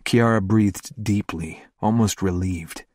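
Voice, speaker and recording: A man narrating a first-person romance audiobook in a slow, hushed, intimate delivery. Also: fairly low pitch, dry recording, studio quality.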